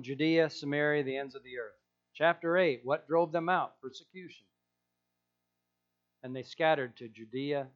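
A male pastor preaching with emphasis, returning again and again to his key phrases. His voice sits fairly high. The recording sounds dull and lo-fi. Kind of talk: sermon.

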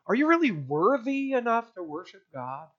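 A preacher voicing Satan as a quiet, low inner voice that sneers accusations. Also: male voice, big pitch swings, normal speed, highs cut off, heavily acted. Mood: hushed taunting.

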